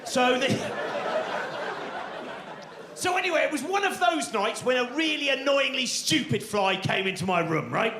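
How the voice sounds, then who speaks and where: High-voiced rambling comic. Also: male voice, expressive, normal speed, pauses often, a crowd in the background. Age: 40s. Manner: rambling, digressive, tag questions. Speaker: stand-up comedian. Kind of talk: live stand-up comedy. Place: theatre stage before a live audience.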